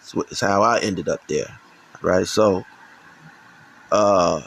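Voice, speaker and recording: A middle-aged man from Chicago delivers a heated, profane religious rant. His voice is gravelly, and he speaks slowly and deliberately. He often trips over his words and starts his sentences again. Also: low-pitched, a little hiss or hum, rough recording. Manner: heated, profane, repetitive restarts. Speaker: channel host. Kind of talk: ranting religious commentary.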